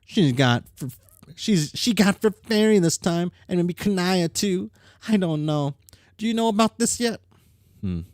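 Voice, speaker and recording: A reader voicing a blunt, sharp-tongued teenage troll girl from a webcomic, with a dry delivery. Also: medium pitch, expressive, measured pace, no echo, voice pushed up, natural voice. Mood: worried. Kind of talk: reading comic dialogue aloud.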